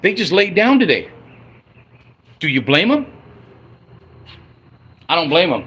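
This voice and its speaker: Profane, heated husky man ranting. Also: very animated, a little slow, long pauses. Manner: profane, heated, swinging from loud outbursts to low grumbles. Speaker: livestreamer ranting about his football team. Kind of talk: angry unscripted livestream rant.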